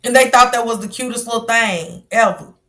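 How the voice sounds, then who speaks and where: Bright, blunt-talking woman host. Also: fairly high pitch, brisk. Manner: blunt, slangy, scolding. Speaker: stream host. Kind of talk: casual commentary on a news clip.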